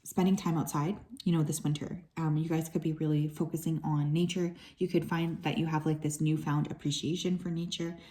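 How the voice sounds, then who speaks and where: A woman with a low, warm voice walks her viewers through a tarot reading. Relaxed and chatty, she drifts into soft asides and fills her pauses with frequent fillers.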